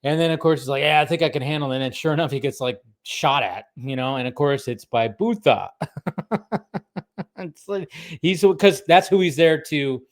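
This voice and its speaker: A man's voice: on the high side, a little slow. A man in his thirties, rambling casually as he recaps a cartoon episode, laughing often and restarting his sentences. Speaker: podcast co-host.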